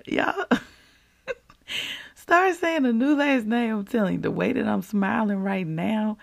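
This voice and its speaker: A woman hosting a podcast, giving a casual, preacherly faith devotional in an animated, folksy way. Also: sits low, creaky. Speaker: podcast host.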